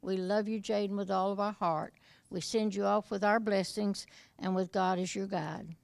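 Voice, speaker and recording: An older woman speaks a heartfelt family tribute. Her voice has a gravelly fry to it. She talks with deep affection and closes with a blessing. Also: steady tone, normal speed, darkish tone. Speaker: great aunt giving a family tribute. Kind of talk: short spoken tribute.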